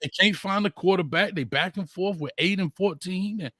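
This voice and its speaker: A man hosting a casual sports debate, excitable and quick to cut in. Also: high-pitched, no echo, clean studio sound. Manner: excitable, cuts in often. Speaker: host.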